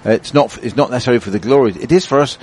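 A man's voice: medium pitch, rapid-fire, a little mellow, slightly rough. A man co-commentating on motorsport, telling anecdotes in a rambling way with many restarts.

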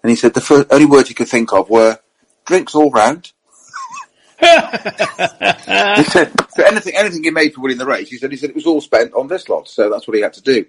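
A man telling motorsport anecdotes in casual, animated chat, full of fillers and asides. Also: mid-range voice, brisk, long pauses, slight background noise, low-quality recording. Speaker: motorsport storyteller on a panel. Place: at a racing circuit event.

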